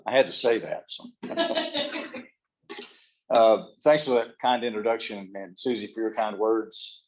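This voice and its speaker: A man's voice: on the low side, very animated, measured pace. A man gives a humorous motivational keynote speech, joking in a folksy, self-deprecating way. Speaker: keynote speaker.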